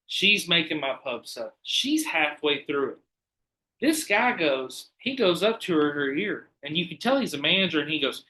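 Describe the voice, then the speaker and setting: Bright, animated man. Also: fairly high pitch, low-quality recording. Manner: animated storyteller, acts out quoted people, swears freely. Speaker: podcast guest. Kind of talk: casual chat, storytelling.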